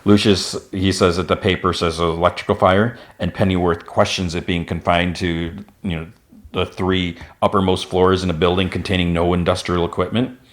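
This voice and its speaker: A man hosting a podcast, recapping an animated episode in a chatty, rambling way with lots of fillers and restarts. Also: low-pitched, normal speed. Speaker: podcast host.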